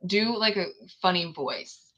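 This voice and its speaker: Bright-toned woman chatting on a livestream. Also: fairly low pitch, unhurried, rough recording. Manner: chatty, scattered, laughs often. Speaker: author hosting a book launch livestream. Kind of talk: casual livestream chat.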